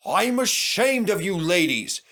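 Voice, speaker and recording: A man's voice: high-pitched, very animated, takes it slowly, pitched above the performer's own voice, full character voice. A man voicing an old male engine who is proud and stands for no nonsense, speaking firmly. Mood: stern. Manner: firm, scolding.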